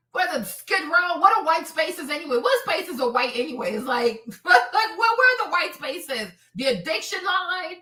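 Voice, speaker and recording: A woman's voice: high-pitched, sharp tone, reverberant. A woman hosting a live stream, ranting in a heated, profane, repetitive way. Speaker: streamer host.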